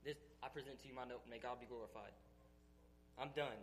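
A man's voice: mid-range voice, steady tone, quick pace, long pauses, faint music behind. A man giving an emotional church testimony, earnest and emphatic, sounding tearful. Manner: earnest, emphatic, building intensity.

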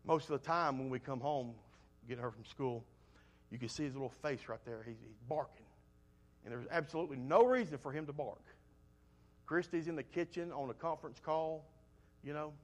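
A man's voice: on the high side, a little fast. Folksy preacher man. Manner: folksy storytelling, swings from loud to soft. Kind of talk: sermon with personal stories.

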